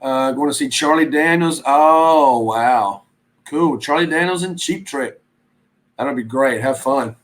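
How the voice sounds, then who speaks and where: A man's voice: medium pitch, a little slow, poor audio. A man hosting a reselling channel, chatting casually and rambling while he reads viewer comments aloud. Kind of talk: casual live-stream chat.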